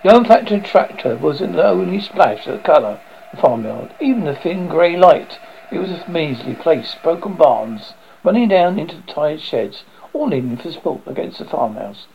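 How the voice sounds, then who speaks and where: A man reading his own book aloud in the first person, theatrical and lively, with sudden loud exclamations. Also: a little high, moderate pace, vocal fry, slight background noise. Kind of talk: first-person storybook narration. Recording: dull lo-fi audiobook recording.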